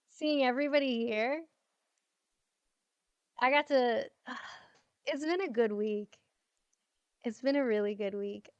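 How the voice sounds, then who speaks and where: A woman's voice: a little high, slow, long pauses, clean tone, no room sound, lo-fi sound. A tired woman in her thirties chatting casually to friends on a livestream, affectionate and swearing freely.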